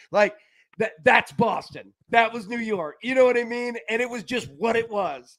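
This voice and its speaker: A man's voice: very high-pitched, normal speed. A man hosting a live sports betting show, rambling and laughing in casual chat. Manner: rambling, animated, laughs often.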